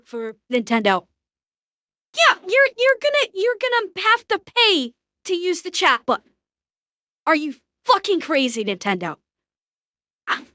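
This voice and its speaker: Very high-pitched, bright-voiced woman ranting. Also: dry recording. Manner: blunt, profane, fast ranting. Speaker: streamer. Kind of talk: live reaction commentary.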